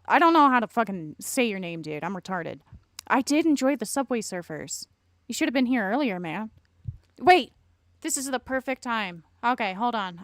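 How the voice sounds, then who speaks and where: A woman streamer giving loud, profane, rambling reaction commentary on a live stream. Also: mid-range voice, no echo.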